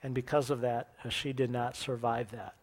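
A man's voice: mid-range voice, level tone, moderate pace. A man preaching, reading a scripture passage aloud and then explaining it in a conversational teaching manner, correcting his own slips as he goes.

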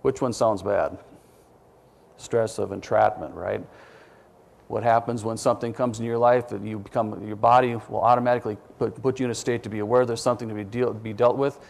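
A man's voice: medium pitch, fairly even intonation, quick pace, vocal fry. A man preaching a sermon in a conversational way, quizzing his listeners with questions and dropping self-deprecating asides.

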